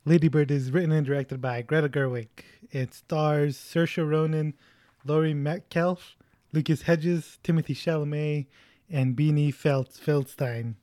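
A man's voice: a little high, steady tone, measured pace, warm tone, no echo, clean studio sound. Joking young man hosting a podcast. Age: about 20. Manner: joking, rambling, self-mocking. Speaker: podcast host. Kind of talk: casual podcast chat.

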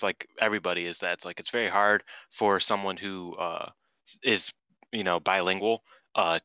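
A man's voice: deep voice, sharp tone, no room sound. A man with a Chicago accent, co-hosting a podcast in blunt, profane casual chat full of filler words. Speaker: podcast co-host.

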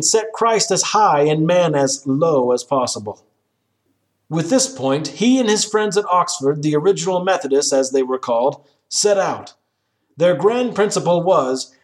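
A man reading an old sermon aloud in a solemn, measured oratorical manner, building up through rhetorical questions. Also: fairly high pitch. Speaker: sermon reader. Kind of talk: read-aloud historical sermon.

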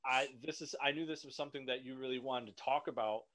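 A man's voice: medium pitch, fairly even intonation, crowd noise. Casual male interviewer. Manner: conversational, halting questions.

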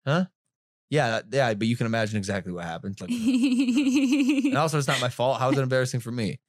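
A man in his twenties chatting casually on a podcast, telling crude stories and jumping loud and high at the punchlines. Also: racing, no echo, clean studio sound. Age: 20s. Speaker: podcast guest. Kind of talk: casual chat, animated storytelling.

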